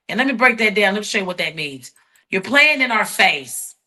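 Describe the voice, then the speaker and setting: A woman being interviewed speaks in a bright, sharp voice. She is blunt and defiant, tells her story in quick bursts and restarts mid-thought. She sounds unapologetic and outspoken. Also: mid-range voice. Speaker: interview guest. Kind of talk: heated interview talk.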